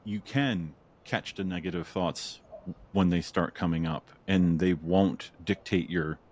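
A man with a fairly low voice hosts a podcast in relaxed conversation. He is chatty and laughs often. He slips into quick spoken asides that act out his own thoughts. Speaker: podcast host. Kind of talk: casual interview chat.

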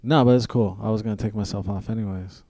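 A man's voice: fairly low pitch, steady tone, quick pace, creaky, warm tone, no echo, clean studio sound. A man talking as a podcast guest in casual chat, laid-back and full of fillers and swearing.

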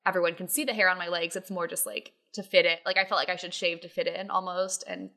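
A woman's voice: lowish voice, level tone, quick pace, pushed and bright. A woman talking in a casual chat, rambling and hedging with lots of fillers.

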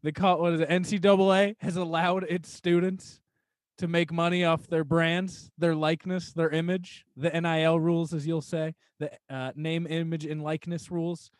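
A man with a notably high voice talks loosely on a podcast, laughing in the middle of his sentences as he rambles on. The sound is dry and close, with no room around it. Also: level tone, normal speed, dry recording. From New Hampshire. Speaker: podcast guest. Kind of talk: casual podcast chat.

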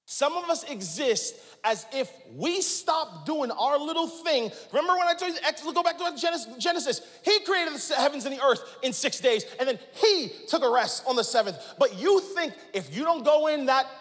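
Man in his forties, high and lively preaching voice, long hall reverb, sermon with call-and-response. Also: normal speed, few pauses. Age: 40s. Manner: dramatic swings from hushed to shouting, call-and-response with the crowd. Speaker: pastor.

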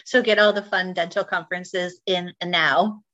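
A woman's voice: on the low side, steady tone, bright, forceful tone. Wry, laughing woman on muffled audio. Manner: wry, laughing, quick teasing asides. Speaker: podcast co-host. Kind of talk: casual chat. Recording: slightly dull, muffled audio.

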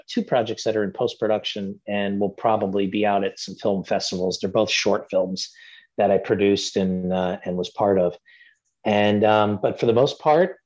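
A man's voice: on the low side, a little mellow, lo-fi sound. A man guesting on a podcast as an actor, chatting casually and rambling with plenty of fillers and restarts. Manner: easygoing, rambling with many fillers.

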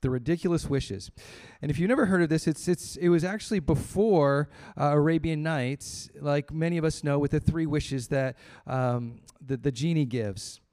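A man preaching a sermon as pastor, telling a story with lively acted-out voices and dropping to quiet emphasis on key points. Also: moderate pace, hardly any pauses. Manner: storytelling, acts out quoted voices with rising pitch.

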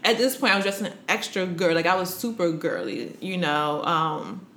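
A woman telling a personal story in casual chat, animated, with many fillers, often acting out what others said. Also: on the low side, normal speed, roomy sound, a little hiss or hum. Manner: animated, acts out quoted voices, many fillers. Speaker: interview guest.

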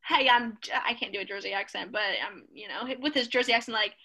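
A woman co-hosting a podcast, recapping a TV show in an opinionated, animated casual chat. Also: mid-range voice, fast talker, poor audio. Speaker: podcast co-host.

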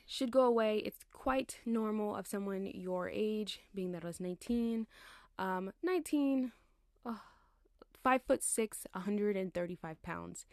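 A woman's voice: medium pitch, creaky, a little mellow, no echo. Young woman, tired casual podcast chat, slangy rambling, dry close sound. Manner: chatty, laughs and digresses, slangy. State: tired, yawning. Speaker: podcast host.

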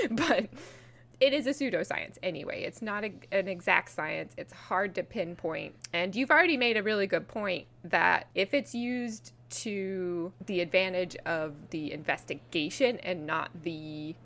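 A woman co-hosting a podcast in casual chat, talkative and quick to laugh. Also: fairly low pitch, creaky. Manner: chatty, laughs often, lively. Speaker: podcast co-host.

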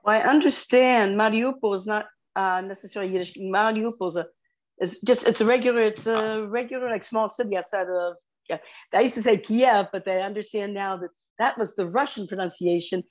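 A woman's voice: mid-range voice, a little fast. A woman co-hosting a casual family podcast with her son, rambling and wandering off topic. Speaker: co-host, mother.

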